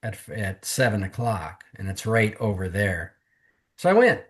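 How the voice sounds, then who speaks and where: A man's voice: on the low side, very animated, unhurried. Earnest man telling his testimony. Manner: earnest, candid storytelling that mimics others' words. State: emotional, close to tears. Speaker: podcast guest. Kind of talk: personal testimony in conversation.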